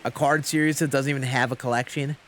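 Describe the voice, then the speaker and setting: A man's voice: medium pitch, fairly even intonation, fast talker, a bit bright. A young man chatting casually on a live game stream, rambling with lots of fillers as he answers chat.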